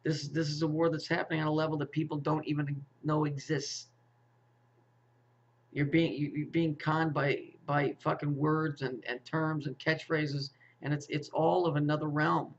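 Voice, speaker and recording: A man's voice: a little high, flat delivery, normal speed. A man delivering a rambling, profane monologue, repeating himself and stumbling over restarts while firing rhetorical questions. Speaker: conspiracy commentator. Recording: muffled lo-fi audio.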